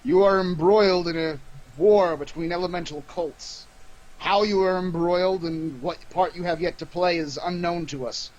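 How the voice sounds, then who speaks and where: A man's voice: high voice, normal speed, a little mellow, muffled recording. A man playing a tabletop game in character, giving stern, formal commands. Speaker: player.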